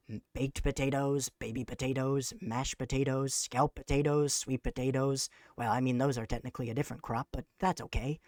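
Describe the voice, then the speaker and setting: A streamer chatting live on a desk mic, using grand, formal, mock-villainous phrasing with sarcastic deadpan jokes. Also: medium pitch, no room sound, studio quality. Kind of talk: casual live-stream chat.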